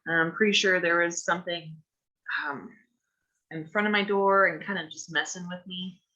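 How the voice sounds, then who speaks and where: Woman, low register, bright tone, chatty rambling tabletop player, muffled call audio. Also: steady tone, moderate pace. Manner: rambling, chatty with filler words. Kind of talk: in-character tabletop game talk.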